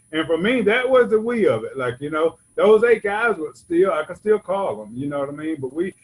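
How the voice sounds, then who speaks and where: On a convention hall stage, a man from Georgia gives a personal testimony at a recovery convention, rambling and conversational, often saying "you know what I'm saying." His voice is a little high and a bit bright, captured on a low-quality recording.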